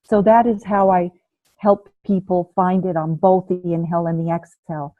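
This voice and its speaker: A woman teaching a breathing class over a video call, calm and patient, demonstrating the breaths aloud. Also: lowish voice, normal speed, no room sound. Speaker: ayurveda and yoga teacher. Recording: phone-like, narrow band.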